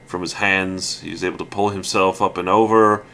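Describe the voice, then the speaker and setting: A man's voice: low-pitched, flat delivery, a little slow, few pauses, bright, forceful tone, smooth. A man giving casual, rambling let's play commentary, ranting with lots of fillers and restarts.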